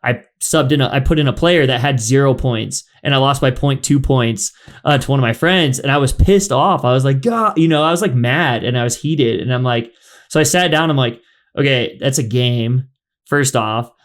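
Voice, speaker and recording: A man's voice: medium pitch, a little fast. A man hosting a podcast in casual chat, rambling with lots of fillers. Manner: rambling, filler-heavy, chatty. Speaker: podcast host.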